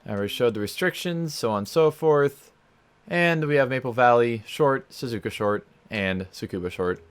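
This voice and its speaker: A let's play gamer at home comments on a racing game in a casual, rambling, self-mocking way, singing silly stutters. His voice is medium-pitched, clear and resonant, at a normal speed.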